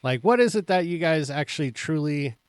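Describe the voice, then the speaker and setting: A man's voice: fairly high pitch, expressive, brisk, clean tone, dry recording. A man co-hosting a casual podcast, joking around and moving on to the next question. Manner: joking, moves the show along with questions. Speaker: podcast co-host. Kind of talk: casual chat.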